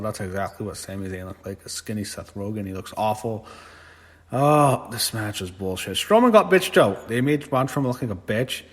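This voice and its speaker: Blunt, swearing man in an echoey room. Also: lowish voice. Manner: blunt, swears a lot, gets loudly exasperated. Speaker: wrestling show reviewer. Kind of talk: casual spoken review. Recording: echoey room with long reverb.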